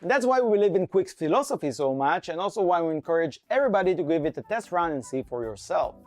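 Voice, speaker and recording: A man giving a scripted conference talk in an enthusiastic, playful, pitching manner, bantering with a co-presenter. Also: sing-song, quick pace, darkish tone. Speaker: conference speaker and framework core team member.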